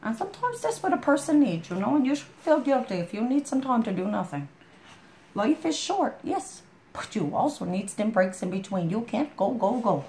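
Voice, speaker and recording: Reading a picture book aloud, a woman keeps breaking off into chatty, folksy asides, as if talking straight to a friend. Her mid-range, darkish voice swings widely in pitch at a moderate pace, and the recording has a roomy echo.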